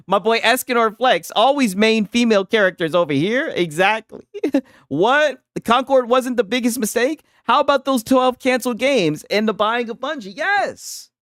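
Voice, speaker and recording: A man's voice: very high-pitched, animated, normal speed, a bit bright, no echo, studio quality. A man reacting to a clip on his stream, mocking and laughing, with lots of slang. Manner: mocking, laughing, slangy, replays and repeats lines. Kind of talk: casual reaction commentary.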